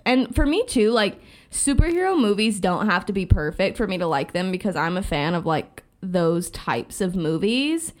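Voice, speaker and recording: A woman's voice: medium pitch, big pitch swings, moderate pace, hardly any pauses. A woman co-hosting a podcast, talking through her opinion of a film in casual chat. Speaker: podcast co-host.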